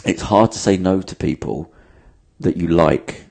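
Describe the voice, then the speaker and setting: A man's voice: low-pitched, unhurried, creaky, mellow. A man, a podcast host in casual chat, giving emphatic, sweary advice and acting out bits of dialogue.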